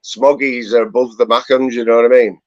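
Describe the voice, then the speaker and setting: Man, relaxed, casual panel questions, dry close sound, lo-fi. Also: mid-range voice, brisk, no echo. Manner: laid-back, asks questions. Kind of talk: casual chat.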